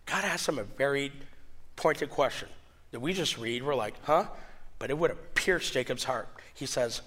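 A man's voice: medium pitch, moderate pace. A man preaching a sermon and telling a story with energy, acting out the voices in it. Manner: storytelling, animated, acts out voices. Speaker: pastor.

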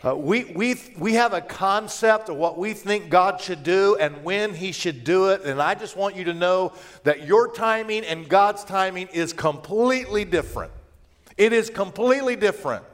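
Middle-aged male pastor, slightly high voice; chatty preaching that drops to a hush and then rises again. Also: normal speed, hardly any pauses. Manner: personal storytelling, swings between hushed and raised delivery. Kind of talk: conversational sermon.

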